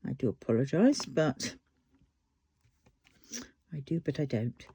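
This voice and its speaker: A British vlogger chats while diamond painting and turns to a heated, swear-filled rant, the voice jumping up in pitch when worked up. The sound is dry and close, with a middling pitch and no room echo. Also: slow, breathy edge. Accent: British English. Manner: heated ranting with frequent swearing; lively rising and falling pitch when worked up. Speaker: crafting vlogger.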